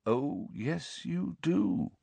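A man voicing a calm, serene old wizard headmaster, speaking slowly, softly and steadily. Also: fairly low pitch, no room sound. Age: older. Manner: slow, soft, measured and steady.

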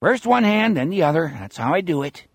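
A man's voice: a little high, a little fast, creaky, husky, no echo, pitched above the performer's own voice, full character voice. A man voicing a menacing old male killer who growls, gloats smugly and sounds out of breath. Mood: gloating threat. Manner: growling, smug, excitable.

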